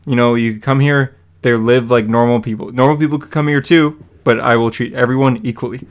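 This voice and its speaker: A man's voice: mid-range voice, steady tone, brisk. A man hosting a comic book podcast, recapping an issue in an enthusiastic, rambling way, close to his mic. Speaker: podcast host. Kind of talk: casual chat recapping a comic.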